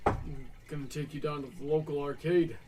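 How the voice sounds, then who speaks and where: A man's voice: fairly high pitch, steady tone, a little fast, recorded from a distance, noisy background. A young man co-hosting a livestream, laid-back, answering viewer questions and chatting about his week. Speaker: stream co-host. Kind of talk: casual chat on a livestream.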